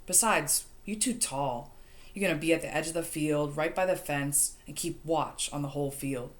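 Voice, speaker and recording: A woman's voice: low-pitched, normal speed, natural voice. A woman reading an audiobook, voicing a bossy teenage boy who gives urgent orders. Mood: commanding. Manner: commanding, urgent.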